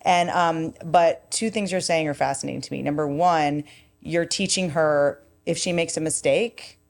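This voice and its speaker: A woman who is a podcast guest, talking in an animated, rambling and frank way and swearing casually. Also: deep voice, normal speed, gravelly. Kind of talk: casual conversational chat.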